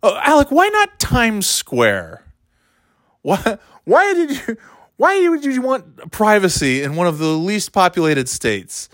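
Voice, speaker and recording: A man mockingly voicing a nosy reporter who asks whiny, drawn-out questions. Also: high voice, wildly swooping pitch, fairly bright tone, dry recording, studio quality, voice pushed up, heavily acted.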